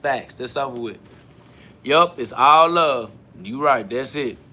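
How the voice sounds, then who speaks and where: A man's voice: medium pitch, slow, pushed and bright. A male podcast host giving a solo spiritual monologue, answering listener comments in a blunt, profane, confrontational way and repeating his catchphrases.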